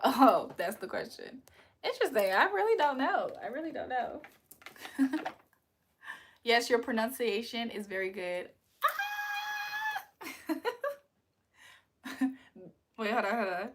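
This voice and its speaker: A woman hosting a livestream, chatting casually with viewers and answering them playfully, laughing often. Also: medium pitch. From United States. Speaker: livestream host. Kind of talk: casual livestream chat reading comments.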